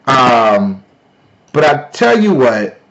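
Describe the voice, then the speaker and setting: A man hosting a live stream, talking loudly and playfully to his viewers in a casual sales pitch. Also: very animated, extremely slow, dull audio. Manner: loud, playful, talks to chat. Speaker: livestream host.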